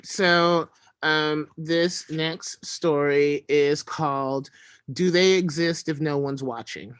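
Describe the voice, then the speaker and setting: A man reading his own prose aloud in a wry, deadpan way. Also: on the high side, slow, clean tone, dry recording. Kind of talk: literary reading.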